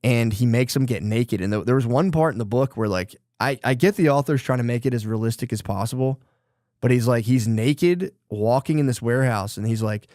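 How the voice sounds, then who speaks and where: A man's voice: medium pitch, fairly quick, a little mellow, no echo, studio quality. A man co-hosting a podcast, casually retelling a book's plot in a rambling, profane way full of fillers and quoted lines. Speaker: podcast co-host.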